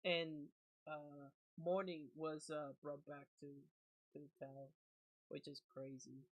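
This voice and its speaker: A man streaming a horror game, reacting in casual, excitable chat full of slang and switching between English and Spanish. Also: fairly high pitch, slow pace, no echo, lo-fi sound.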